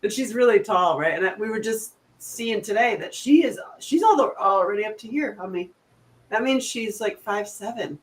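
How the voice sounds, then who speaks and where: A middle-aged woman chatting casually, telling animated stories and laughing often. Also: mid-range voice, normal speed, a little hiss or hum. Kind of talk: casual chat.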